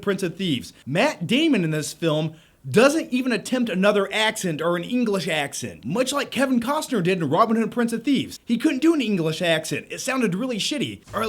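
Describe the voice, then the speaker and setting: A man's voice: sits high, very animated, brisk, a bit bright. An American man giving a casual, jokey movie review full of self-mocking tangents. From United States.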